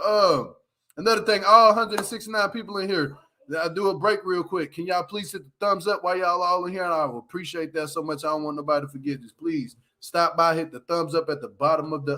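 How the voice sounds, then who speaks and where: Laughing, high-voiced man reviewing TV. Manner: laughs often, animated retelling with slang. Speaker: show review livestream host. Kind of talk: casual livestream commentary.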